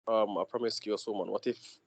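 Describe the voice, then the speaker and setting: A man's voice: on the low side, fairly even intonation, fairly quick, creaky, dry recording. A man co-hosting a casual podcast discussion, earnestly laying out an argument. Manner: earnest, making a point. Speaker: podcast co-host.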